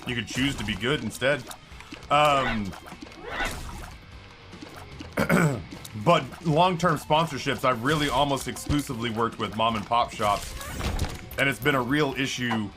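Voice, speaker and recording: A man's voice: mid-range voice, measured pace, pauses often. A man chatting casually on a game live stream, rambling and often correcting himself. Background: background music.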